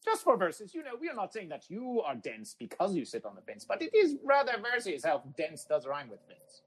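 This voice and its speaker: Speaking a little fast in a high, husky voice with wildly swooping pitch, this podcast host runs an absurdist comedy show. He calls himself by third person, avoids contractions in formal speech, and repeats catchphrases like a chant, all on low-quality phone app audio.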